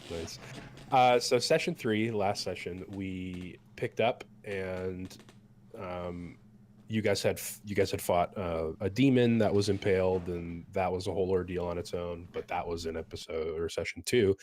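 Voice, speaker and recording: A man with a hoarse, sick voice from a cold, game master recapping a tabletop session in an easygoing way with lots of ums. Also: sits low, steady tone, unhurried, darkish tone, slight background noise. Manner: easygoing, many filler ums.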